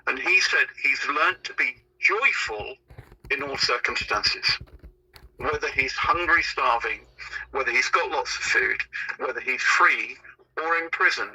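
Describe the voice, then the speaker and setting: Male podcast guest, rambling storyteller, very bright, husky tone. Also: medium pitch, a little slow, rough recording. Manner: rambling and anecdotal, with frequent restarts. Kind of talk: conversational podcast interview.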